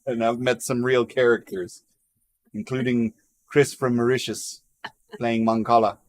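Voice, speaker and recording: A man's voice: medium pitch, little pitch movement, unhurried, dry recording. A man hosting a casual livestream chat, joking around, laughing often and reading out viewer comments. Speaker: livestream host.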